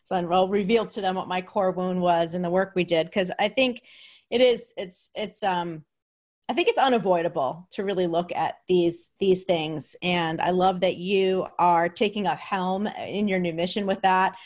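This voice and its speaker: A woman's voice: lowish voice, fairly even intonation, normal speed, a little mellow. A woman hosting a podcast, chatting enthusiastically with many fillers and restarts. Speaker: podcast host. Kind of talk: casual podcast chat.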